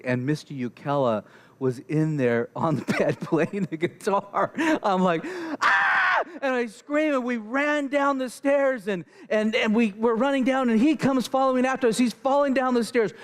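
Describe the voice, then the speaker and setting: A young man delivering a sermon in an animated storytelling manner, his voice sitting notably high for a man. He acts out the conversations in his story. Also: normal speed. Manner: animated, acts out characters and dialogue. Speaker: pastor.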